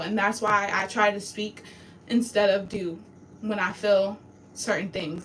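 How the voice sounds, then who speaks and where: A woman's voice: mid-range voice, a bit bright. A woman venting through tears in a raw confessional vlog, her voice breaking as she swears and talks through grief, recorded in a home bathroom. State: tearful. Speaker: vlogger. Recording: distant mic with noise.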